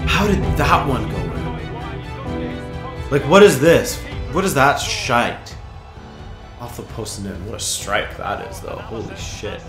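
A man commentating his own football video game, muttering then yelling with excitement, his voice going hoarse. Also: mid-range voice, a little slow, roomy sound, music in the background. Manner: excitable, swings from mutters to shouts. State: losing his voice. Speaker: gaming YouTuber.

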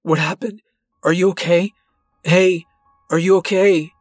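A man's voice: high voice, steady tone, unhurried, no echo, clean studio sound, soft background music, voice pushed up. A man voicing a terrified young woman trapped in a car, pleading in a raised, panicked voice.

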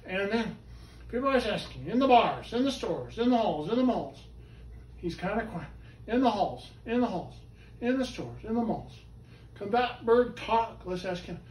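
A man performing a live show with his talking bird, coaxing it loudly and often yelling his patter. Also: high-pitched, sing-song, normal speed. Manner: loud, coaxing and prone to yelling. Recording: echoey room from far off.

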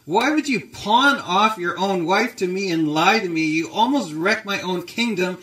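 Furious king rebuking a liar, a man doing the voice, raised and high, roomy echo. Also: lively intonation, moderate pace. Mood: angry. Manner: shouting indignant rebuke. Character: angry male Pharaoh, a scolding king.

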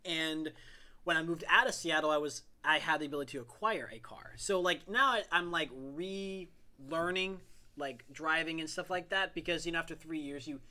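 Male podcast co-host, animated and chatty; raised pitch, sharp bright tone. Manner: chatty, animated, quick to laugh. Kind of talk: casual chat.

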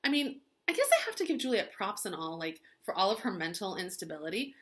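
A woman's voice: mid-range voice, sing-song, fast, a bit bright. A woman teacher retelling a play as gossipy valley-girl chatter, full of "like" and dramatic asides.

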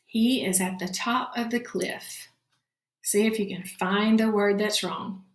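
A woman's voice: mid-range voice, steady tone. A woman teaching a recorded phonics lesson to children, patient and encouraging, often saying good job. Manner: slow, patient, encouraging, frequent "all right, good job". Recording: roomy, echoey classroom-style sound.

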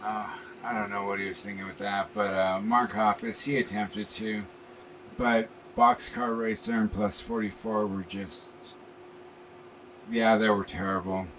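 A man with a fairly low voice talks casually to his viewers, rambling and earnest, full of ums and uhs. He sits a little back from the microphone, and a faint air-conditioning hum runs underneath. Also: fairly even intonation, measured pace, fairly bright tone, far from the mic, low-quality recording. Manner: rambling, earnest, many fillers. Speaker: music reaction channel host. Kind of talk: casual talk to camera.

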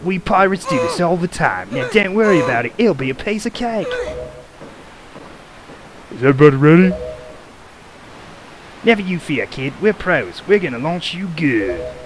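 A man voicing a gruff, cocky male pirate crewman who talks reassuringly. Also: fairly high pitch, big pitch swings, normal speed, long pauses, noisy background, pitched above the performer's own voice.

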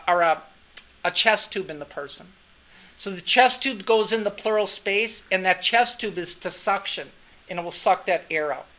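This middle-aged anatomy and physiology teacher has a high, bright, forceful voice. He tells a story to his students in the classroom in a chatty, anecdotal manner, frequently asking "right?"

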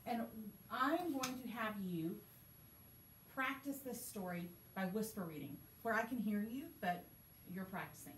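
A woman teacher walks a small group through a reading lesson, encouraging and asking questions. Her voice sits at a middle pitch and comes from a distance. The classroom adds a roomy echo with faint background noise. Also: expressive, measured pace, fairly bright tone. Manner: encouraging, patient, asks questions. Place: school classroom. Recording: echoey classroom from far off.

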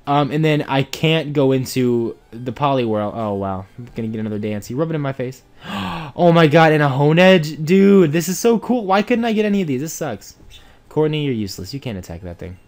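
A young man giving let's play commentary on a game, excitable and swinging from mumbles to shouts. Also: medium pitch, normal speed, soft background music. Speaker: gamer playing a Pokemon randomizer.

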